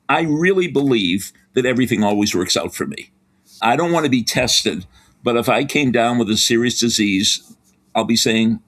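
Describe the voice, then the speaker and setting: An older man, a sports psychology professor, giving advice as a podcast guest in lively storytelling fashion. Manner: lively, animated storytelling with big pitch swings.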